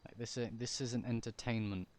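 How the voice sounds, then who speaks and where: A man's voice: medium pitch, steady tone, moderate pace, a little mellow. A man casually commenting while streaming a game, chatty and joking as he talks to his chat.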